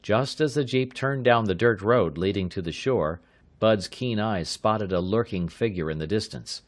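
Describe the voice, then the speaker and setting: Man reading an audiobook, low steady voice. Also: moderate pace. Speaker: audiobook narrator. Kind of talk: scripted narration.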